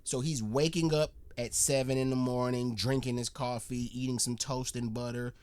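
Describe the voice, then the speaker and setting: A man from the United States hosting a reaction video. He talks in an excitable, repetitive way and keeps calling out to his viewers. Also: mid-range voice, normal speed, smooth. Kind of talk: casual reaction commentary.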